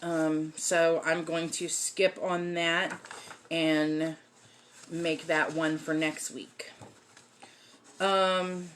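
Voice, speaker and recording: Unhurried low-voiced woman teaching magic. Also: level tone, slight background noise. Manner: chatty, many um fillers. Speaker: host teaching folk magic. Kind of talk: casual livestream lesson.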